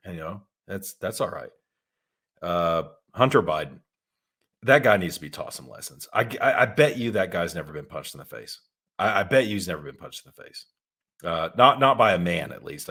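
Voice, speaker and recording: A man's voice: deep voice, a bit bright. A man co-hosting a podcast, talking bluntly and casually, laughing often and rambling with restarts. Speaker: podcast co-host.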